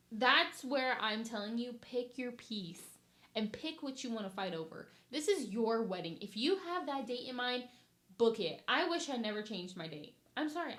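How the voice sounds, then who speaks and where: A young woman hosting a casual podcast, talking bluntly and with energy about her wedding plans. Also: on the high side. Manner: blunt, animated, ranting. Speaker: podcast host, bride-to-be. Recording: echoey room.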